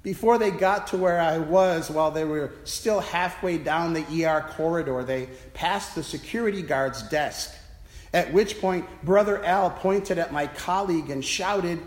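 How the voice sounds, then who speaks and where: A man's voice: a little high, unhurried. A man, a priest, giving a reflective, story-telling sermon from the pulpit of a church. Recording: echoey church with long reverb.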